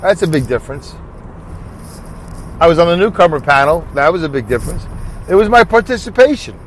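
The audio is poor, with some background noise, and the man's voice sits a little high. Hosting a solo podcast in a casual, rambling style, he thinks aloud, fields his own questions, and takes listeners through a breathing break.

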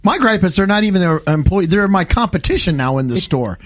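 Hoarse man with a lively voice. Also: sits high, a little fast, no room sound. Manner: easygoing, storytelling, laughs often. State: lost his voice, hoarse. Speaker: podcast co-host. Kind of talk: casual chat.

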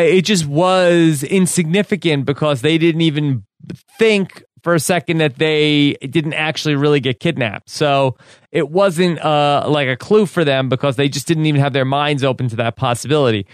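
A man with a smooth, resonant and fairly high voice hosts a casual recap podcast, moving briskly through his wrap-up and plugs. His voice sounds dry and close to the mic. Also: no echo. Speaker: podcast host.

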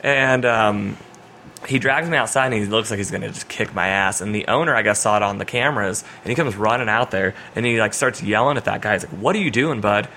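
A young man in his twenties, a podcast guest, telling a story in a casual, animated way and acting out the voices of the people in it. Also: lowish voice, brisk, slight background noise. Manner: animated storyteller, acts out quoted voices loudly.

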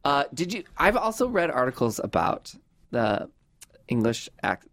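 A man's voice: medium pitch, very animated, measured pace, fairly bright tone. A man from Southern California hosting a podcast, chatty and self-deprecating, saying "like" a lot. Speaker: podcast host. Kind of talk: casual podcast chat.

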